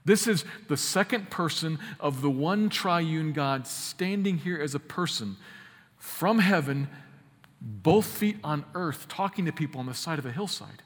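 A man preaching a sermon, emphatic, slowing down to stress key phrases and speeding through quick asides. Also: fairly high pitch, lively intonation, long reverb tail. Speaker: pastor.

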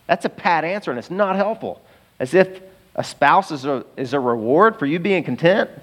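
A middle-aged man preaches to his congregation in a relaxed, conversational way, tossing in asides and quick jokes. His voice sits a little higher than most men's. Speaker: pastor. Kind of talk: sermon.

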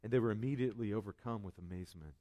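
A man's voice: on the low side, very fast, mellow. A male pastor preaching a sermon in a conversational way, full of asides and restarts. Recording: long hall reverb.

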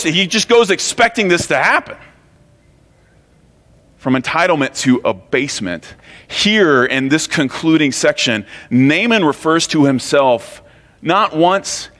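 A man preaching a sermon in an animated, conversational way, often restarting and repeating phrases. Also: a little high. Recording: long hall reverb.

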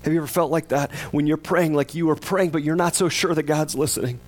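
A man's voice: a little high, fairly even intonation, fast. A man preaching a sermon as pastor, conversational, often asking his listeners questions and acting out the psalmist's words with rising intensity. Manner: conversational, asks the congregation questions.

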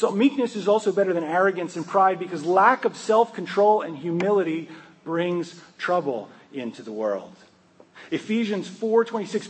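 A man's voice: on the high side, a little hiss or hum, poor audio. A man preaching a sermon in a conversational, joking way, often asking his listeners questions. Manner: conversational, humorous, asks the congregation questions. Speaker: pastor.

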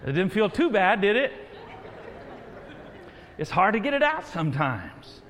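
A man with a high-pitched voice preaches a sermon, urging his congregation and building to loud calls. His voice rings through a large church hall with a long reverberant tail. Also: very animated, measured pace, pauses often, a faint crowd, slight background noise. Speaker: pastor.

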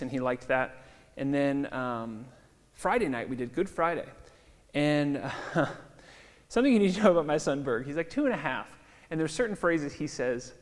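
A man in his thirties, a pastor, giving a conversational sermon with relaxed fillers. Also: mid-range voice. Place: church hall. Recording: long hall reverb.

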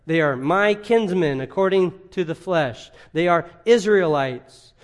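A man with a somewhat high voice delivers an expository sermon. He asks rhetorical questions and swings between loud emphatic stretches and quiet asides. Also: expressive, slow pace, hardly any pauses. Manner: emphatic, rising and dropping in volume, rhetorical questions. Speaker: pastor.

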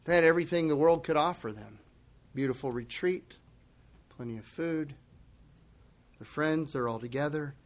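A man with a somewhat high voice preaches a sermon as pastor. He is expressive, dropping to hushed near-whispers and building to emphatic outbursts. Now and then he slips into a conversational aside, acting out voices. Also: normal speed, long pauses. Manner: acts out quoted speech in conversational asides.

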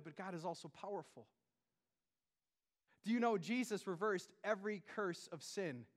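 A man preaching a sermon as pastor, in a chatty, conversational way full of asides and questions to the congregation, swinging between loud emphasis and hushed tones. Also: high voice. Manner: conversational, peppered with "like" and "right?".

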